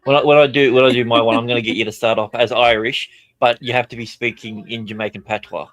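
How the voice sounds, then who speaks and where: Deadpan man in casual chat. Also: medium pitch, fast talker, no echo, low-quality recording.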